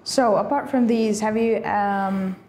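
A woman's voice: medium pitch, steady tone, measured pace, darkish tone. Encouraging woman interviewer. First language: Uzbek. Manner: encouraging, frequent backchannels. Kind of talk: casual interview. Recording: roomy echo, faint noise.

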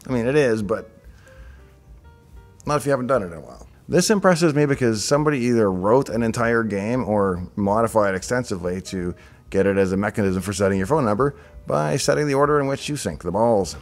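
A man's voice: on the low side, lively intonation, fairly quick, faint music behind. A middle-aged man hosting a show, casually thinking aloud as he reacts to on-screen designs with chatty asides. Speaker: show host reviewing software designs.

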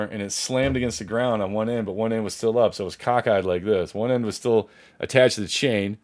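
A man vlogger telling a story in a rambling, profane way, full of restarts. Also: fairly low pitch. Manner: animated, acts out others' voices. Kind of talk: casual storytelling.

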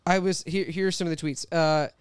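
A man in his twenties, a podcast guest, telling an animated story and reading out old posts. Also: a little high, brisk, smooth, no room sound, studio quality. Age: 20s. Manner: animated storytelling, quoting tweets. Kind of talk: casual podcast chat.

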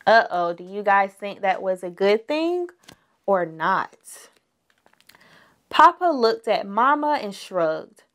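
A woman's voice: medium pitch, sing-song, slow pace, a bit bright. A woman reading a picture book aloud to young children, stopping to ask them questions. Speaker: children's storyteller.

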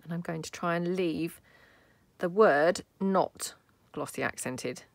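Speaking slowly in a lowish, creaky voice, this UK craft video host talks casually while working at her table. The recording is dry, and she muses aloud with gentle asides as she goes.

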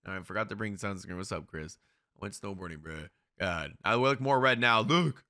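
A young man doing live reaction commentary on an anime, excitable and profane, shouting at the screen. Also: on the low side, normal speed.

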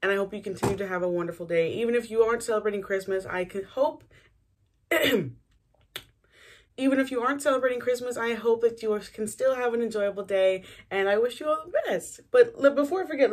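A young woman with a slightly hoarse morning voice, chatting casually while doing her morning routine for a vlog. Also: medium pitch, expressive, a little fast, a little mellow. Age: young adult. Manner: chatty, rambling, self-deprecating. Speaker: beauty vlogger. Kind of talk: casual get-ready-with-me chat.

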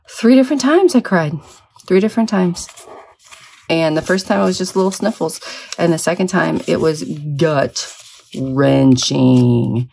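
A woman's voice: deep voice, gravelly, darkish tone, slight background noise. A middle-aged woman in a sleepy early-morning mood, rambling chattily and self-deprecatingly while she crafts. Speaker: vlogger.

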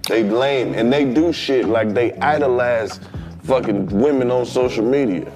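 A man's voice: medium pitch, measured pace. A man in a casual street interview, talking crudely and emphatically. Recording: interview clip with music behind.

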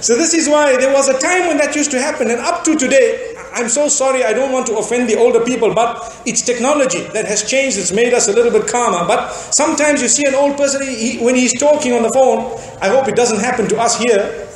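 A preacher from Zimbabwe with a fairly high voice, giving a sermon in a very echoey hall. He tells stories and acts out small bits of dialogue, with faint ambience behind him. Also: a little fast, a little hiss or hum. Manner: storytelling with acted-out dialogue. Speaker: Islamic preacher.

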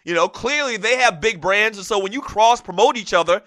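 A man from the South Carolina Lowcountry, hosting a sports talk show in an animated, rambling monologue full of fillers. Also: a little fast, no echo, studio quality. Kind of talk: solo radio talk monologue.

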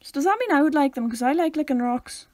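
A young Northern Irish woman with a high voice chats casually as a podcast co-host. She cracks deadpan jokes and stumbles a little when reading aloud, close to the mic in a dry room. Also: dry recording. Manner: playful, deadpan jokes, reads aloud haltingly. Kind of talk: casual chat.

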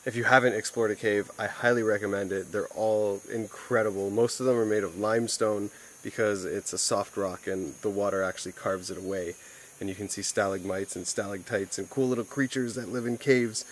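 A man's voice: lowish voice, steady tone, fairly quick, a little hiss or hum. A young adult man narrating a casual travel vlog outdoors on an island beach, upbeat and loose, with lots of "like" fillers. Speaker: travel vlogger.

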